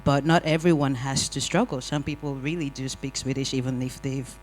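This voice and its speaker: A panel speaker telling lively, wry personal stories in a discussion. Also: mid-range voice, fairly quick, soft background music, rough recording. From Nigeria. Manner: animated, wry storytelling with acted-out quotes. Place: community hall panel.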